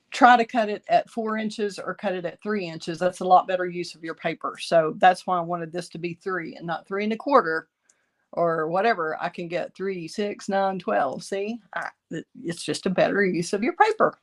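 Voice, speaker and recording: A middle-aged woman with a fairly low voice, raspy from a lingering bronchitis. She talks casually and chattily, thinking aloud as she walks viewers through a craft project. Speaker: card-making instructor.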